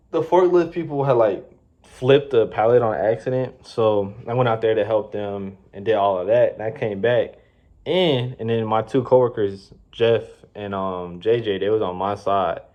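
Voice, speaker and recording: A man's voice: fairly low pitch, highs cut off. A man in his twenties telling a casual, slangy story with plenty of swearing and rambling asides. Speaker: vlogger. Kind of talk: storytime vlog.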